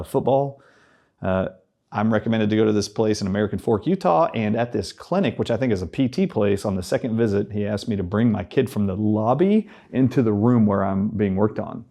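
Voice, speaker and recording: A man, a guest in an interview, telling a personal story in an animated way and acting out the dialogue he remembers. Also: fairly low pitch, creaky.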